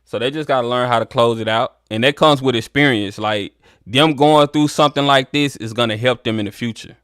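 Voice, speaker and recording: A man's voice: mid-range voice, fairly quick, clean tone, no echo, studio quality. A man hosting a live sports stream, chatting casually with viewers and callers. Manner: relaxed, talks to viewers as y'all.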